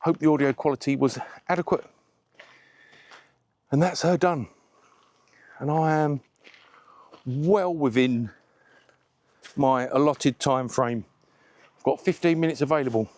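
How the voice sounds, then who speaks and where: A man chatting to camera while washing a car, relaxed and a little out of breath. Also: a little high, dry recording. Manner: chatty, slow and unhurried, self-deprecating. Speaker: car detailing vlogger.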